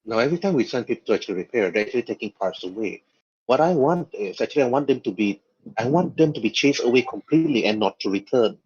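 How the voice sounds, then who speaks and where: A man's voice: medium pitch, animated, quick pace, a little mellow, breathy edge, lo-fi sound. A man voicing a polite, worried woman who runs a generator and fusses over her words. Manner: fussy, repeats "actually".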